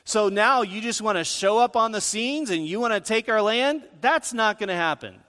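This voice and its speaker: A preacher voicing a bold biblical male warrior-leader who argues forcefully and a little mockingly. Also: high voice, moderate pace, big-room sound, voice pushed up. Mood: defiant.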